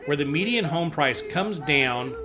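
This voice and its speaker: A man working as a real estate agent, explaining housing market charts in a casual, chatty way, with sudden excited bursts and self-mocking asides. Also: a little high, unhurried, over music.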